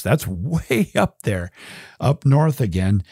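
A man hosting a radio talk show, teaching a Bible story with animated storytelling and dramatized quotes. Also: mid-range voice, slow, gravelly, breathy edge, no room sound, studio quality.

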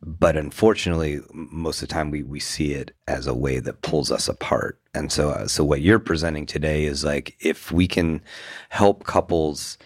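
A man's voice: very deep voice, steady tone, moderate pace, no room sound, studio quality. A man in his thirties co-hosting a relationship podcast, reflecting on and summing up his partner's points. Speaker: podcast co-host. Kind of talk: casual relationship talk.

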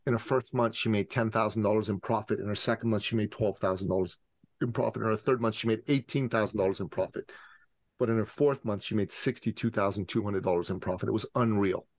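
Gravelly man telling a dramatic story. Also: fairly low pitch, fairly even intonation, quick pace, dry recording. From Middle East. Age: 40s. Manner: dramatic, acts out scenes with voices. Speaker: podcast guest, business coach. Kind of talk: animated storytelling in an interview.

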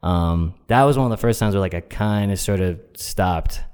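A man's voice: low-pitched, moderate pace, a little mellow, clear, resonant tone. A man telling a personal story in a casual, rambling way, with lots of fillers. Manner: rambling, many fillers, acts out quoted voices. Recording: long echoey reverb.

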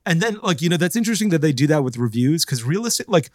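A man's voice: a little high, very animated, quick pace, no echo. Male podcast co-host, casual, rambling delivery, dry close mic. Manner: rambling, full of fillers and restarts. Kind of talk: casual chat.

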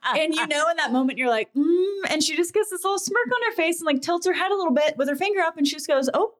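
A woman's voice: high voice, expressive, very fast. A woman from Texas, a podcast guest, telling family stories animatedly, often laughing and mimicking voices. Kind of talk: casual chat.

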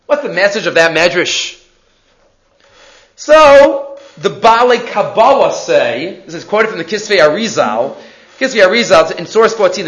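Casting: high-voiced man, animated Torah teacher, dull echoey room recording. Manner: animated, acts out quotes, repeats himself. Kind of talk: Torah class lecture.

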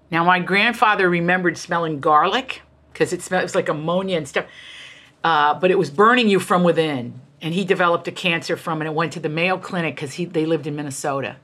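A middle-aged woman author, a guest in an interview, telling her stories in an emphatic, animated way with quick asides. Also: fairly low pitch. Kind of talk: candid conversational storytelling.

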